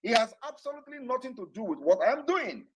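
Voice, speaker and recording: Fiery man, lively pitch. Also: quick pace, breathy edge, poor audio. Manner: fiery, defiant, shouting at times. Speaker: political speaker addressing supporters. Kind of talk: impassioned political address. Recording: online audio room broadcast.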